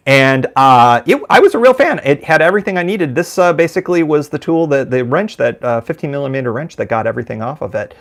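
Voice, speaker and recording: A man's voice: a little high, lively intonation, fast, few pauses. A middle-aged American man hosting a live podcast from a room at home, talking casually in a rambling, self-deprecating way. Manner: rambling, self-deprecating, lots of fillers and restarts. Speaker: podcast host. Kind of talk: casual live-stream chat.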